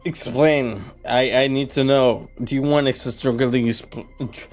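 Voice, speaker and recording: A drunk man hosting a casual stream sign-off, rambling, swearing and breaking into high laughter, hiccuping now and then. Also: fairly even intonation, moderate pace, loud music behind the voice. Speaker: streamer and host.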